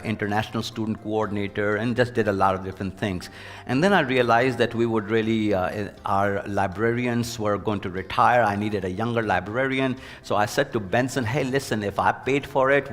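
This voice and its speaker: A man and former university president tells an earnest personal story in an interview, lively whenever he quotes other people. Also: fairly low pitch, long reverb tail. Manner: earnest, anecdotal, animated when quoting others.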